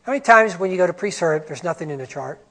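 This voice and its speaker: A man giving a conference presentation on medical coding, animated and emphatic, with rhetorical questions. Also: high voice, fast talker. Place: conference room.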